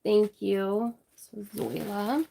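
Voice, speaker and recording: A woman hosting a crafting livestream, chatting casually, reading viewer names and thanking them warmly. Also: mid-range voice, vocal fry, a little hiss or hum. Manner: warm, chatty, apologetic, reading out names slowly.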